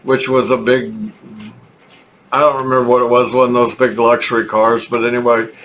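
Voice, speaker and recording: An older man from Texas with a Texan accent, telling a rambling, halting story with chuckles in a casual vlog. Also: medium pitch, little pitch movement, fairly bright tone, slight background noise. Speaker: vlogger.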